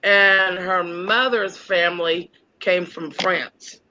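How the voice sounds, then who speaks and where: A man's voice: sits high, fairly even intonation, takes it slowly, pushed and bright, dull audio, slight background noise. A man whose first language is Japanese chatting casually and enthusiastically, sometimes searching for words. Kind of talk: casual chat.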